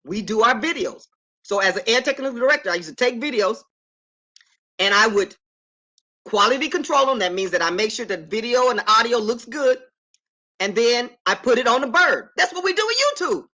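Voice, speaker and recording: Woman, middle-aged, high voice, emphatic, self-affirming, casual live-stream chat. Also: expressive, moderate pace, sharp tone. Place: her apartment.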